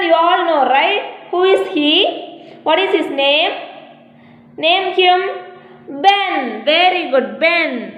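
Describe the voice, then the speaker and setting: A woman's voice: very high voice, fairly bright tone. A woman teacher, giving a lesson to young children, repeating each question and spelling the answers letter by letter. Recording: echoey room with long reverb.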